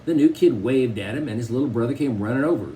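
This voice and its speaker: A man narrating a children's novel in the first person, in a conversational, expressive way. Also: medium pitch, fast, a little hiss or hum, rough recording. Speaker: audiobook narrator.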